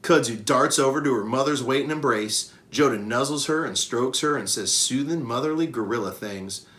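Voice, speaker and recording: A man reading a children's novel aloud with expressive narration. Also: mid-range voice, moderate pace. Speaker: reader. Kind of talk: storybook read-aloud.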